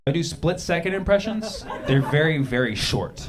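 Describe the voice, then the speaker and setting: A male stand-up comedian with deadpan setups broken by sudden yelps. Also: fairly high pitch, moderate pace, a loud crowd, heavy background noise. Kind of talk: stand-up set. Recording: comedy club with loud audience.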